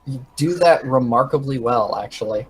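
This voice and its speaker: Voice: mid-range voice, moderate pace, breathy edge, low-quality recording. A player in a tabletop role-playing game, joking and theatrical while giving a recap. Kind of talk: casual chat in a tabletop game session.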